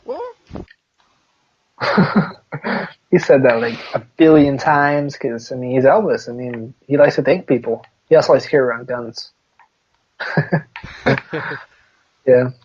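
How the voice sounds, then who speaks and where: A man's voice: medium pitch, takes it slowly, pauses often, darkish tone, slightly rough. A man co-hosting a podcast in casual chat, rambling and laid-back, laughing often. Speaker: podcast co-host. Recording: dull lo-fi podcast audio.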